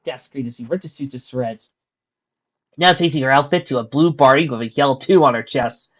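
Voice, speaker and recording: A reader narrating a fan story aloud, in an even, casual tone with offhand asides. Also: medium pitch, fairly quick, heavy background noise. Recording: dull lo-fi recording.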